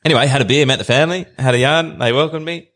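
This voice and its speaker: A man's voice: mid-range voice, fast talker, a bit bright. An Australian man in his thirties, a podcast guest spinning a long rambling travel yarn in an easygoing way. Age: 30s. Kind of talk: casual storytelling.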